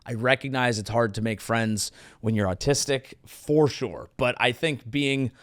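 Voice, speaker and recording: A man's voice: mid-range voice, unhurried, no room sound, studio quality. A man hosting his own comedy show, delivering a sarcastic, riffing monologue. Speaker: comedian host.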